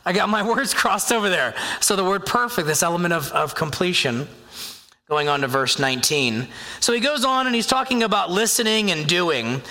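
A man preaching a sermon as a pastor, talking in a conversational, animated way and acting out inner voices. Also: fairly high pitch. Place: church sanctuary. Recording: long hall reverb.

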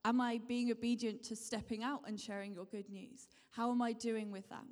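A woman preaches to her congregation, circling back to her points again and again and asking them questions as she goes. Her voice sits a little high. The sound rings out with the long reverb of a large hall. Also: level tone, moderate pace, darkish tone. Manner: repetitive, encouraging, asks the congregation questions. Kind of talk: sermon.

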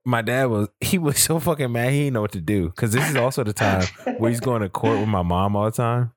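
A man's voice: mid-range voice, brisk, slight background noise. A man in a casual chat, a laid-back storyteller who swears casually.

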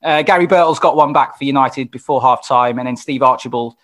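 A man hosting a casual interview, setting up questions and reading out match details in a relaxed way. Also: medium pitch. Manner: relaxed, reads match details, quick backchannels. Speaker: podcast host.

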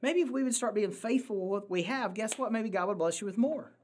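A man delivers a sermon as pastor. He is earnest and emphatic, repeating key phrases for weight and pausing on rhetorical questions to the congregation. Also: high-pitched, a little mellow.

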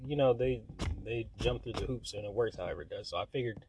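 A man telling a story in casual chat, swearing freely and laughing, his voice jumping high when he gets worked up. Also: fast talker, a crowd in the background.

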